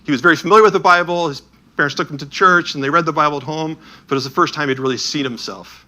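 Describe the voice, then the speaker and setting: Bright-voiced man telling stories. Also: fairly high pitch, rapid-fire. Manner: animated anecdotal storytelling with asides. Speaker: speaker touring with a Bible edition. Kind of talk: storytelling talk.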